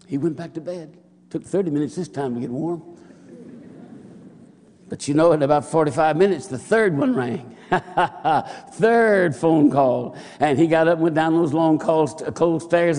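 Male preacher, folksy storytelling sermon, voice a bit high, long hall reverb. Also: moderate pace, warm tone. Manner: folksy, repetitive "and he said" anecdotes.

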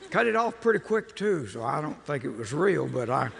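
An older man preaching in a folksy, animated storytelling style. His voice sits high and swings widely, with a gravelly, slightly husky edge. The sound rings with the long reverb of a large hall. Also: moderate pace. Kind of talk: humorous storytelling sermon.

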